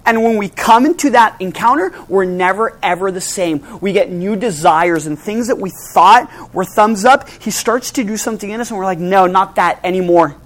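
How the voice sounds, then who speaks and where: A preacher delivering a sermon, asking rhetorical questions and slowing down to press key phrases. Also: medium pitch. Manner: dramatic, with sudden drops to hushed emphasis and slowed key phrases; asks the audience rhetorical questions.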